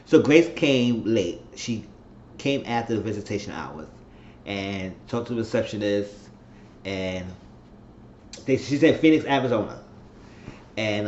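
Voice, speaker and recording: A man's voice: on the low side, a little mellow, a little hiss or hum. A man giving a casual TV episode recap, retelling scenes and acting out the characters' lines. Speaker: TV show recap vlogger. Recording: echoey room, dull lo-fi sound.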